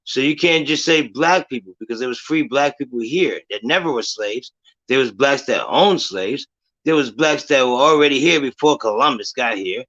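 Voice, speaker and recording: Calm, lecturing man on lo-fi stream audio. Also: medium pitch. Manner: measured, lecturing, says he wants to stay calm and logical. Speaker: live stream host. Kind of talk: casual talk on a live stream.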